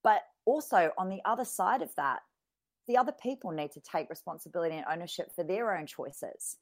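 Low-voiced woman, frank and earnest. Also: fairly quick. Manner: frank, earnest, swears casually. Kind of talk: casual podcast chat.

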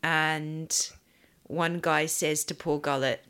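A woman's voice: lowish voice, a little slow. A woman co-hosting a podcast in casual chat, teasing and asking questions. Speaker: podcast co-host.

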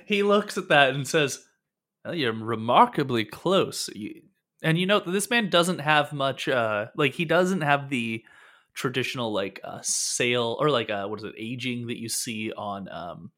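A man's voice: mid-range voice, a little slow, pushed and bright. A man narrating as game master of a tabletop game, rambling and restarting his sentences. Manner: rambling, many fillers and restarts.

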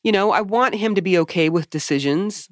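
A woman's voice: medium pitch, a little fast, no echo, studio quality. A woman co-hosting a podcast, telling candid stories in a chatty style and swearing freely. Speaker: podcast co-host. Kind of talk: casual chat.

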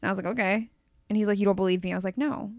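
Fast-talking woman telling a candid story. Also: medium pitch, no room sound, clean studio sound. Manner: candid storytelling, quick and animated. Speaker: podcast guest. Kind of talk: casual chat.

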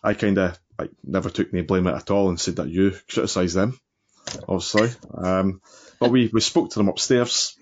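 A man's voice: deep voice, normal speed. A Scottish man co-hosting a football podcast, teasing and chuckling through casual banter. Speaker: podcast co-host.

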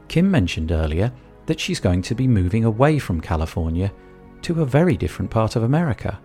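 A man hosts a podcast in a reflective, measured scripted narration. His intonation rises and falls with a lively range. Faint music plays softly behind his voice. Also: fairly low pitch. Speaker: podcast host.

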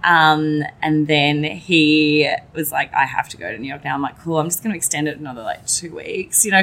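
A woman's voice: low voice, brisk, hardly any pauses. A woman telling a personal story in casual chat, acting out what she and others said, and swearing now and then. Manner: animated, quotes herself and others in lively voices. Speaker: guest.

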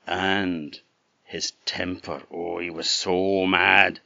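A man from the Orkney Islands, telling a traditional fairy tale in an animated, conversational way with asides to the listener, on a dull, dry lo-fi recording. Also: deep voice, very slow, gravelly, no room sound. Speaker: storyteller. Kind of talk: traditional oral storytelling.

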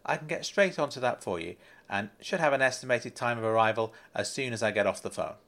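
A man's voice: medium pitch, brisk, a bit bright, natural voice. A man voicing a polite, deferential male bank manager in a storybook reading. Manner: courteous, deferential, apologetic.

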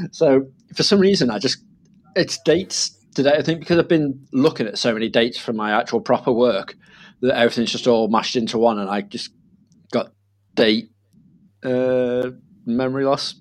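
A man's voice: medium pitch, expressive, normal speed. Young man, casual storytelling, laughs a lot, acts out quotes.

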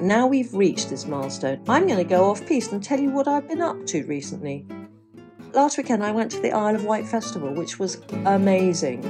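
Middle-aged UK woman podcast host, lowish voice, bubbly and blunt, faint music under. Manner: bubbly, exclamatory, frank with swearing. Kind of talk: casual interview chat.

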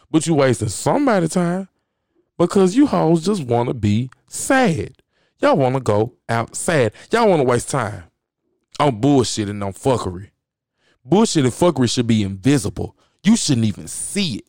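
A man's voice: mid-range voice, very animated, moderate pace, a little mellow, dry recording, studio quality. A man hosting a podcast, giving a blunt, profane motivational rant and hammering his points home by repeating phrases. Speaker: podcast host.

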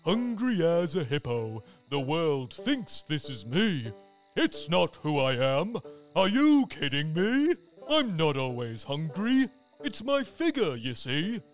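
A man voicing a big, gentle hippo in a children's storybook reading, speaking slowly. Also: on the high side, big pitch swings, soft background music.

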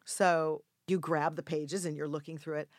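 An older woman telling a casual anecdote in an interview, acting out the quoted voices with sudden loud, high outbursts. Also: normal speed, no echo, studio quality. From Mexico. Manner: animated storyteller acting out quoted lines with big jumps in pitch and volume. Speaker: actress guest telling a story.

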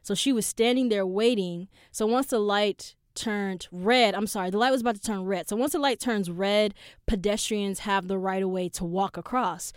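A young woman hosting a podcast, telling a story in a casual, animated and profane way. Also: mid-range voice, normal speed, clean tone, no room sound, studio quality. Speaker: podcast host.

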